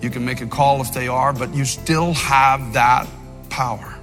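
An older man preaching an impassioned sermon, moving between loud fervent outbursts and low, quiet storytelling. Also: fairly even intonation, measured pace. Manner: fervent preaching, by turns shouting and dropping low, with storytelling asides. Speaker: pastor. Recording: long reverb of a big hall, faint music.

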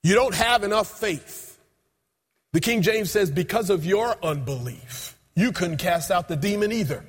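A man preaching a sermon, telling a scripture story with emphatic, drawn-out quotes. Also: high-pitched, animated, husky. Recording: long reverb in a large hall.

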